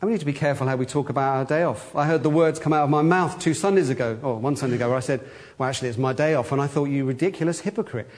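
A man's voice: on the high side, very fast, few pauses, darkish tone. A middle-aged man, a church elder, giving a conversational sermon with wry humor and acted-out quotes.

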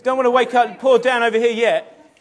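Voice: medium pitch, flat delivery, brisk. A children's church leader talking playfully and coaxingly with a group of children in a church.

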